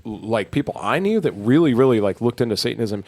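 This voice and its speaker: Man, podcast co-host, casual rambling chat, swears a lot, mid pitch, dry close sound. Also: lively intonation, fairly quick, a little mellow, no echo. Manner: rambling storyteller, swears freely.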